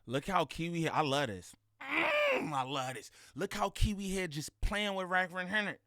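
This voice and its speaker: Reaction streamer, male, lively swooping delivery, bright tone, dry mic, laughs a lot. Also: high voice, normal speed, dry recording. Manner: animated, laughing, slangy, mimics people. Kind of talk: reaction commentary on clips.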